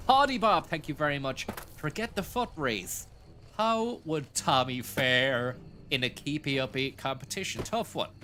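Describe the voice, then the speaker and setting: A man's voice: mid-range voice, bright, forceful tone, slight background noise. A man hosting a casual gaming stream, joking, swearing and thanking viewers for tips. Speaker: streamer host.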